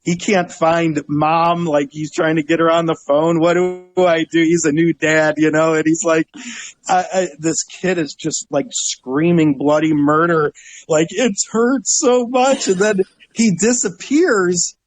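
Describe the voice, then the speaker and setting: A middle-aged man from Northeast Ohio, a guest telling lively stories in a casual interview and acting out the people in them. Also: fairly high pitch, unhurried, poor audio. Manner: animated storyteller, acts out voices, laughs often. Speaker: guest, travel website owner.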